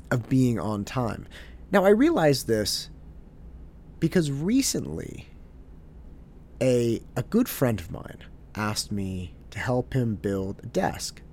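A man speaks in a reflective storytelling monologue. His pitch sits in the middle, but his voice rises and falls a lot. He sounds candid and self-deprecating. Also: a little mellow. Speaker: podcast host.

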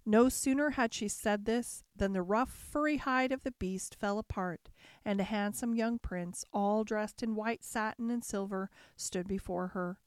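Woman reading a bedtime fairy tale, calm and steady, mid pitch, dry sound. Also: a little slow, smooth, no echo. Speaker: storyteller. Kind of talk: bedtime story narration.

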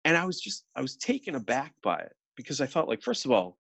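A middle-aged man talks casually on a film podcast, restarting often and slipping into quoted asides. His voice sits at a medium pitch and is recorded close and dry, with no room sound. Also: sing-song, quick pace, vocal fry, fairly bright tone, no room sound. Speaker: podcast co-host.

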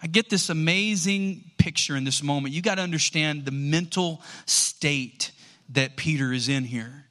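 A male pastor delivering a sermon with a high, bright voice. He tells the story in an animated way and acts out the quoted lines, with plenty of restarts along the way. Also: normal speed.

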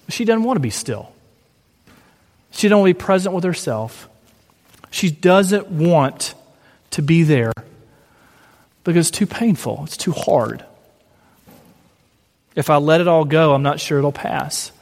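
A gentle, encouraging male preacher with a fairly high voice builds his points through repeated phrases. His words ring out with a long reverb in a large room. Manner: gentle, encouraging, repetitive lists. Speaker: pastor. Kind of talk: sermon with closing prayer.

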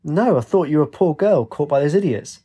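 A man voicing a gruff, calm ex-soldier who speaks bluntly. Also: a little high, a little fast, voice pushed up. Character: gruff weary male ex-soldier.

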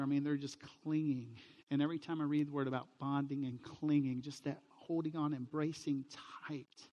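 A man's voice: a little high, big-room sound, lo-fi sound. A middle-aged man, a pastor, preaching a sermon and telling stories, livening them with quoted voices. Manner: storytelling, animated with quoted voices.

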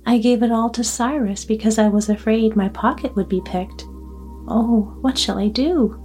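Fretful, talkative old grandmother in a storybook, read by a woman; mellow, gentle delivery over faint music. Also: fairly high pitch, normal speed, close to an everyday voice. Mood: distressed. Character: chatty, nervous old grandmother on a train. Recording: soft music underneath.

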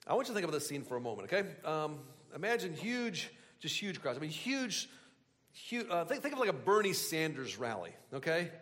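A man delivering a casual, conversational sermon with a high, very expressive voice that swoops up and down. He speaks animatedly, breaks off into asides and restarts his phrases. His voice carries a long hall reverb. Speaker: pastor.

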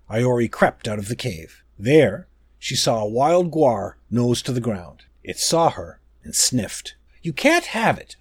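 Husky, expressive male storyteller. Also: medium pitch, no room sound, studio quality. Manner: slow, expressive reading with dramatic pauses. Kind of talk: storybook narration.

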